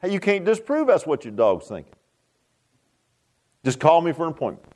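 A man's voice: on the high side, huge pitch swings, moderate pace, darkish tone. A man preaching a sermon, folksy and joking, often asking the congregation questions. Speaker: pastor.

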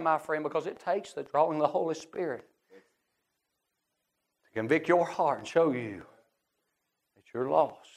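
With a fairly high-pitched voice, a middle-aged man preaches fervently in a revival-style church sermon, alternating between hushed storytelling and shouts.

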